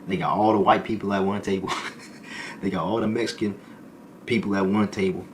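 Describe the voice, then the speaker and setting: Fast-talking deep-voiced man telling a story. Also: steady tone, darkish tone, slight background noise. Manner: fast slangy storytelling, acts out voices of others. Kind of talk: casual storytelling.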